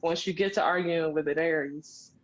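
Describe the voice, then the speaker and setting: A woman co-hosting a podcast, telling a story in animated casual chat with slang. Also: low-pitched, moderate pace. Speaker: podcast co-host. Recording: dull lo-fi sound.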